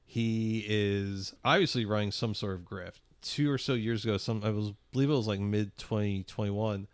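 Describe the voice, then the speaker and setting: A man co-hosting a podcast, talking in halting starts and repeats with dry jokes. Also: fairly low pitch, clear, resonant tone, no echo. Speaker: podcast co-host. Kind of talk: casual podcast banter.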